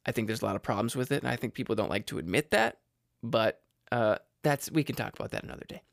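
A man's voice: medium pitch, quick pace, vocal fry, no echo, clean studio sound. A man casually rambling through movie recommendations, stumbling over words and cracking jokey asides. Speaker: vlogger reviewing movies.

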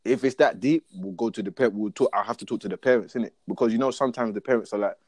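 A man's voice: on the low side, rapid-fire, dry recording. Young guy, slangy chat, keeps going "you get what i'm saying", dry close sound. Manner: animated storyteller, acts out his own lines. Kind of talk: casual podcast chat.

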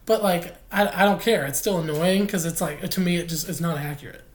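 A woman's voice: lowish voice, a little fast, a crowd in the background. Opinionated woman podcast host, echoey room. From Oklahoma. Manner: opinionated, animated, laughs easily. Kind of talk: casual chat.

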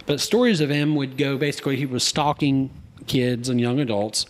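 A man's voice: mid-range voice, normal speed. Rambling male podcast storyteller. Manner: rambling storyteller, many restarts and fillers. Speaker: podcast co-host. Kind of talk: casual podcast chat. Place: studio.

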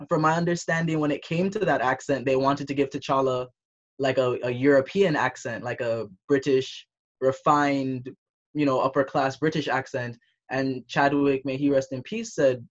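A young man from the Caribbean talking through his thoughts in a casual discussion, pausing and restarting as he goes. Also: medium pitch, steady tone. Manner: reflective, thinking aloud with restarts. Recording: dull, muffled audio.

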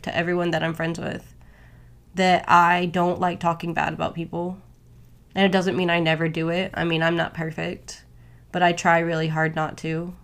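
Brief: young female podcast host, lower-pitched, candid chatty delivery full of fillers. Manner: candid, conversational, many "like" fillers. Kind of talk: casual solo podcast talk.

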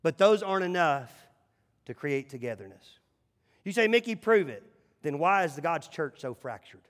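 A male pastor preaching a sermon in a church, emphatic, swinging between loud calls and hushed asides. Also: a little high, animated, normal speed, in a large hall. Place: church sanctuary.

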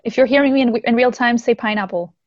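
Woman guest from Haiti, candid and animated, on a dull lo-fi video call. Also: on the high side, quick pace, no echo. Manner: candid and animated, with frequent fillers and laughs. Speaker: guest, musician. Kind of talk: casual interview over a video call.

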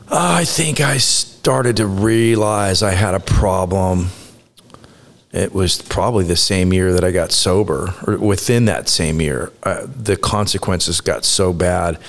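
A man speaking as a guest, reflective and halting, with quick bursts between restarts. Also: deep voice. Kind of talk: casual conversation.

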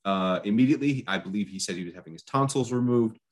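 A man co-hosting a podcast, chatting casually with wry jokes in quick bursts. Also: lowish voice. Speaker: podcast co-host. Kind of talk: casual chat.

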